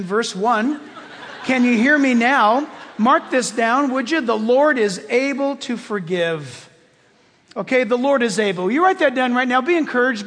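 Male pastor, very high voice, husky, sermon in a church, long reverb. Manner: animated, swings from loud to hushed.

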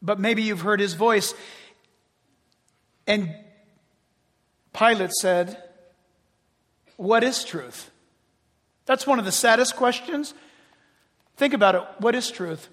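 Male preacher, high voice, dramatic swings from loud to hushed, in a big reverberant church. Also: slow, long pauses. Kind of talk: sermon. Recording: long reverb of a large hall.

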